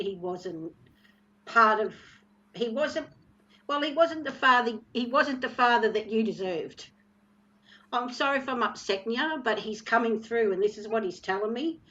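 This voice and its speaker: A woman giving a psychic reading on a video call, halting and emotional, with many fillers. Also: a little high, fairly bright tone. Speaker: psychic reader. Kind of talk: live stream psychic reading. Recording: muffled lo-fi stream audio.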